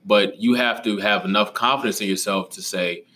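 A man who coaches, co-hosting a casual conversation, speaking in a measured, reflective way and often adding short affirmations. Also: on the low side, steady tone, sharp tone. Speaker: podcast co-host, coach.

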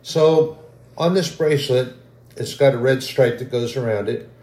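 A man giving an emotional, halting sermon testimony as a lay preacher. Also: medium pitch, darkish tone, roomy sound. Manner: slow, halting, grows emotional and choked.

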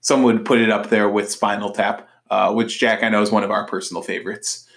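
A man's voice: lowish voice, level tone, brisk, gravelly, a bit bright. A man co-hosting a podcast, chatting casually about movies, laughing often and quoting scenes. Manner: laughs often, quotes scenes in put-on voices. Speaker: podcast co-host. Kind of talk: casual chat.

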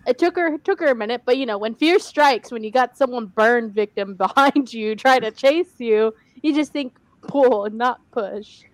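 A young woman co-hosting a casual chat about a TV series, animated and mocking, with some swearing. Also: a little high, moderate pace, hardly any pauses, dry recording. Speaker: podcast co-host.

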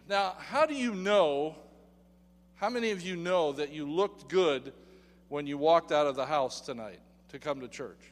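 Male preacher, high voice, lively sermon delivery, church hall reverb. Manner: animated, asks the congregation questions. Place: church sanctuary.

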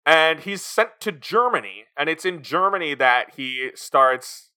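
A man co-hosting a film review podcast, his voice bright and slightly high. He talks in a lively, swooping way and acts out scenes as he goes. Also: unhurried, clear, resonant tone. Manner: animated, quotes scenes in put-on voices. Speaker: podcast co-host. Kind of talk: casual film review chat.

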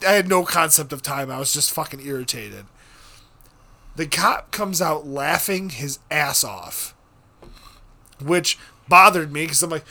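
A young man telling a story on a casual podcast, swearing freely and getting loud and animated when he acts out what happened. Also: sits high. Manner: profane, animated, bursts into shouting when reenacting.

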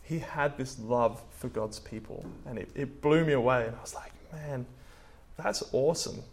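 Gravelly young English preacher, chatty. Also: male voice, medium pitch, normal speed. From England. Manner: chatty, many "like" and "um" fillers, storytelling. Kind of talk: casual sermon talk.

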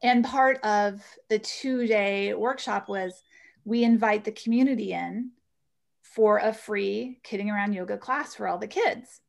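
A woman who teaches yoga, telling an animated story as a guest in an interview. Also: mid-range voice, measured pace, gravelly. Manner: animated storyteller, acts out voices in quotes.

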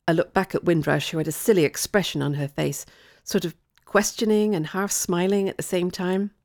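A woman narrating a first-person story in a clear, expressive way. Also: on the low side, a little fast, no echo, studio quality.

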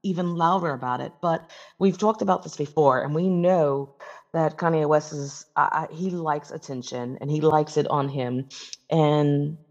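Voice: medium pitch, fairly even intonation, moderate pace, dull audio. A co-host on a live audio chat show, thinking aloud in loose, rambling sentences. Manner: rambling, loose train of thought.

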